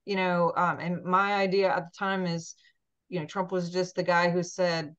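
A woman's voice: lowish voice, flat delivery, normal speed, fairly bright tone, clear, resonant tone. A woman hosting a podcast in casual chat, gushing and chatty with many ums, talking over a video call. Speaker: podcast host. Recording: dull lo-fi sound.

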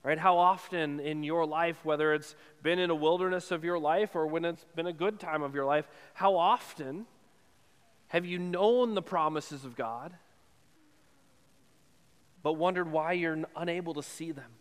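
A man's voice: fairly high pitch, moderate pace, clean tone, big-room sound. A male pastor preaching a sermon in an earnest tone, often checking in with "right?". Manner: earnest, repeatedly asks "right?".

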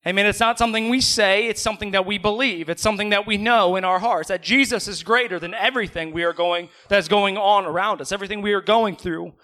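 A man's voice: high-pitched, fast talker, few pauses, pushed and bright. A male pastor preaching a sermon in a church, in a conversational way, questioning the congregation and adding joking asides.

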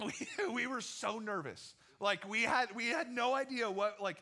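A young man preaching as a youth pastor, telling a funny story in a casual, energetic way and acting out the voices in it. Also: extremely high pitch, a little slow. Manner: energetic, animated, jokey, acts out quotes. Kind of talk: casual storytelling sermon to teens.

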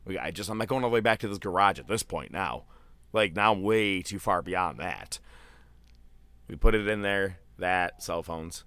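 Man, low voice, bright and forceful tone, dry close sound, casual storytelling, loose and swearing. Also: moderate pace, smooth, no room sound. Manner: loose and animated, with swearing and filler words.

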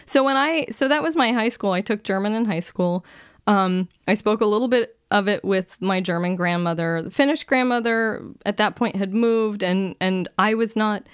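A woman telling stories in casual chat, lively and acting out the voices she quotes. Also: mid-range voice, normal speed, smooth, no echo, clean studio sound.

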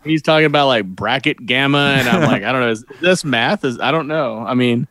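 Man, podcast co-host, hesitant, halting, dry close sound. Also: mid-range voice, a bit bright, no echo. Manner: hesitant, many fillers and restarts. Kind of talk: casual movie discussion.

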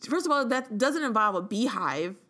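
Frank, animated woman, podcast co-host, casual book talk. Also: a little high, normal speed. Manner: animated, frank, quotes passages aloud. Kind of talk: casual chat.

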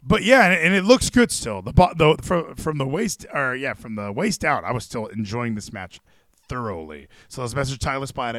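A man hosting a live wrestling stream. He chats casually and excitably, swears freely and thinks aloud as he goes. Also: mid-range voice, normal speed, no echo, studio quality. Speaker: stream host.

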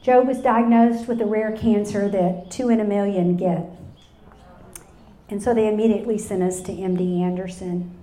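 A woman's voice: medium pitch, mellow. A woman in her fifties giving an earnest personal testimony at a women's luncheon, speaking straight to the audience. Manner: earnest, storytelling, addresses audience directly. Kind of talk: live personal testimony talk. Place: large hall with live audience. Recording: roomy echo in a hall.

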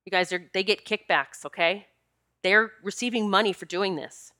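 Addressing her audience directly on camera, a woman talks casually at an ordinary pace in a mid-range voice that's bright and forceful. She stresses her points emphatically, frequently saying things twice.

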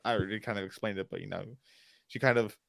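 Guy rambling thru a tv recap, restarts a lot, gets excited, dry close sound. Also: fairly low pitch, fast talker, gravelly, no echo. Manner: rambling, self-interrupting, enthusiastic. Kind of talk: casual TV recap chat.

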